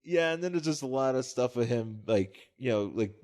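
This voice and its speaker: A man's voice: medium pitch, expressive, moderate pace, darkish tone. A man co-hosting a comedy podcast, joking and tripping over his words in casual chat. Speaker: podcast co-host.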